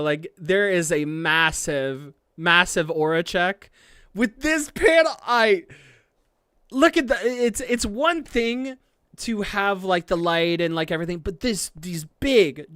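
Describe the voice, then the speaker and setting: A streamer gives casual live commentary on an anime episode, rambling and gushing with many fillers, swearing freely and breaking into excited outbursts. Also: smooth, dry recording, clean studio sound. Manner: swings into excited high outbursts.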